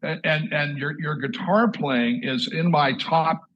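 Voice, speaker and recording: A man's voice: on the high side, measured pace, dull audio, a little hiss or hum. Iowa-raised man in his 60s, stammering storyteller. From Southwest Iowa, USA. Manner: repeats words and restarts often, lively storyteller. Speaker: host, drummer.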